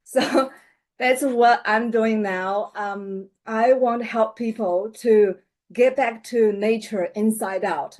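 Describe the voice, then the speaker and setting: A middle-aged woman, a holistic health coach, introducing herself hesitantly with many pauses and soft laughs. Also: medium pitch. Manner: hesitant, many fillers and restarts, laughs often. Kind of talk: personal introduction on a panel show.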